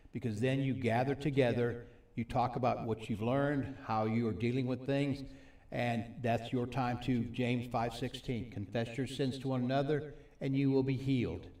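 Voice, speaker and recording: A man preaching a sermon at a recovery ministry. He reads scripture slowly and asks the audience questions. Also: medium pitch, a little mellow. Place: meeting hall with a live audience. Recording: echoey hall, mic from a distance.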